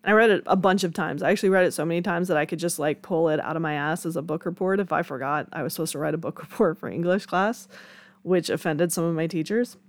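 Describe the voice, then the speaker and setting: A young woman hosts her own solo podcast, chatting candidly, laughing often and swearing casually. Her voice is lowish and she talks fast, with no room sound on the recording.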